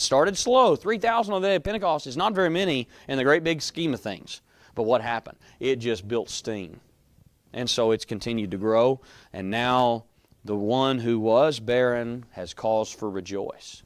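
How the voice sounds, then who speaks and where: A man's voice: mid-range voice, dry recording. Man teaching a casual Bible class. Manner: conversational, quizzes the class.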